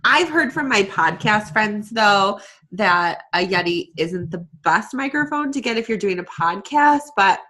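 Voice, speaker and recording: Woman, animated melody, mid pitch, laughs often, chatty, USB desk mic. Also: unhurried. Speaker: podcast co-host. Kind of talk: casual live-stream chat. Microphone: USB desk microphone.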